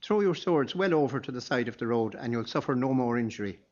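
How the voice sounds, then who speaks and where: A man voicing a tough, blunt cart driver who speaks gruffly in an audiobook. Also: medium pitch, lively intonation, quick pace, a little mellow, dull audio, close to an everyday voice.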